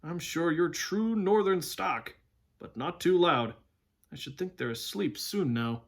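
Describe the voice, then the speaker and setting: A man's voice: a little high, expressive, pitched above the performer's own voice. A man doing a proud talking war horse. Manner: lofty, brisk, scornful of humans. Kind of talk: storybook read-aloud.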